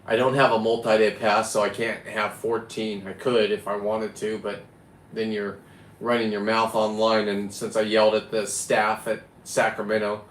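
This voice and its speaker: The man, a free diver who vlogs, speaks at normal speed in a lowish voice with a level tone. He rambles bluntly to camera about diving, occasionally swearing, in a recording with roomy echo and faint background noise.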